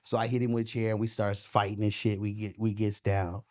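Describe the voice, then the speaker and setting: A middle-aged man, a boxing and MMA coach, telling stories in a casual interview, profane and animated, often asking "you know what I'm saying". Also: lowish voice, brisk.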